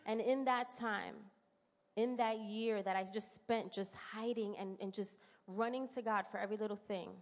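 A woman's voice: mid-range voice, fairly even intonation, normal speed. A woman in her thirties with a New York accent, giving an earnest, emotional personal testimony in church. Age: 30s. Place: church sanctuary. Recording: long hall reverb in church.

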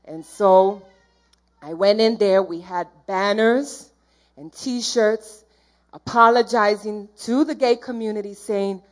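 A woman's voice: medium pitch, takes it slowly. A woman giving a church testimony in an earnest, heartfelt, rambling way, jumping around in her story.

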